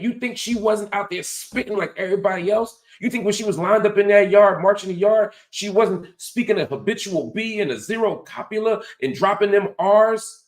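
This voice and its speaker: A man's voice: high voice, echoey room. A man hosting a political commentary show, teaching in an emphatic, preacher-like cadence. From United States. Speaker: host.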